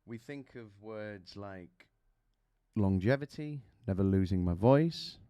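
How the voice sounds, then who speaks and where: Man, vocal coach; deep smooth voice, dry close sound, teaching with vivid imagery. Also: animated, slow, dark tone, dry recording, dull audio. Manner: explains with images and rhetorical questions. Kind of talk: vocal technique lesson.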